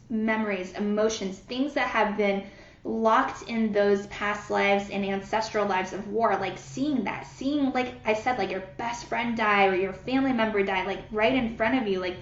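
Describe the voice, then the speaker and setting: A woman leading a live-streamed guided healing session, speaking soothingly and greeting viewers by name, with many fillers. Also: medium pitch. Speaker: energy healer leading a live group session. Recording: roomy, dull lo-fi sound.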